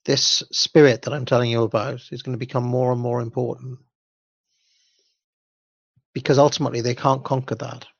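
A man's voice: mid-range voice, dry recording. A man rambles through commentary between pages of a storybook, circling back and restarting his sentences. His voice sits in the middle range and sounds dry and slightly muffled. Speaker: livestream host.

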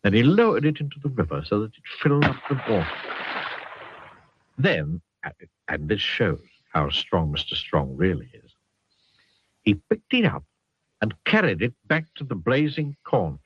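A man reading a children's picture book aloud with a very expressive, swooping delivery. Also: on the low side, moderate pace, long pauses, slight background noise. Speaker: storyteller. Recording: dull lo-fi sound.

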